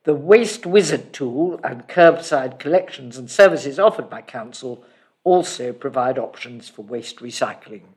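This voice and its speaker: Newsreader with a steady, mid-pitched voice. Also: a little slow. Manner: steady, clear news reading. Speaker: news reader. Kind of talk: read news bulletin.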